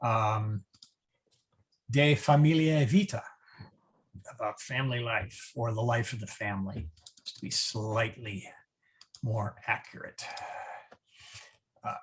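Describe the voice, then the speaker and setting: A man teaching a Latin class online, explaining translations haltingly with many ums and chuckling at his own slips. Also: mid-range voice, fairly bright tone.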